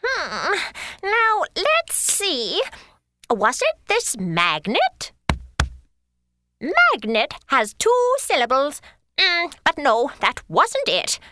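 A dithering rabbit. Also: female voice, sits high, huge pitch swings, bright, forceful tone, heavily acted. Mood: fretful. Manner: dithering, sighing, drawn-out exclamations. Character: flustered forgetful female rabbit, gentle and fretful. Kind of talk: children's educational audio story.

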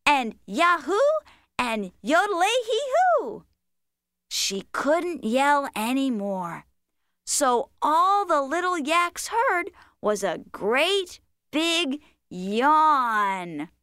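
A woman's voice: high-pitched, big pitch swings, drawn-out words, fairly bright tone, dry recording, studio quality, heavily acted. A woman voicing a patient, playful cartoon critter who tells a bedtime story in a sing-song, coaxing manner. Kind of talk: children's cartoon voice acting.

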